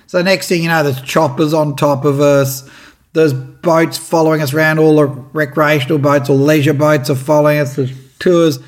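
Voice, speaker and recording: An Australian man telling a lively fishing story and giving tips, acting out what others said. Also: a little high, normal speed. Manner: animated, acts out what others said. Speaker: fishing presenter.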